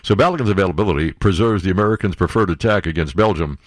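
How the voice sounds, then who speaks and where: A man's voice: deep voice, racing, few pauses, no room sound, studio quality. A man hosting a radio talk show, wisecracking and sarcastic in a casual chat about the news.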